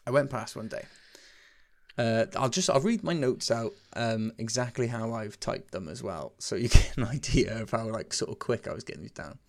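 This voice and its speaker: A man from Wales co-hosting a podcast in loose, jokey chat. His voice has a gravelly, creaky edge at a middling pitch. He swears freely and laughs as he reads out his notes. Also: normal speed. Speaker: podcast co-host. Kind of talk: casual chat.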